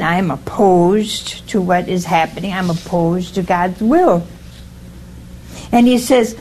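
This older woman preacher speaks with a medium-pitched, expressive, darkish voice at a moderate pace. Her sermon is casual and folksy, full of "see?" and questions aimed at her audience. The recording is rough, with slight background noise.

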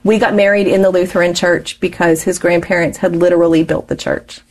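A woman's voice: lowish voice, steady tone, a little fast, darkish tone. A woman in her forties, an interview guest telling her life story candidly and laughing often as she talks.

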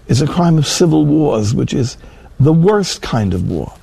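A man preaching a sermon in an earnest way, rising to emphatic peaks and slowing down for scripture. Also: fairly high pitch, sing-song, gravelly, warm tone, slightly rough, no room sound.

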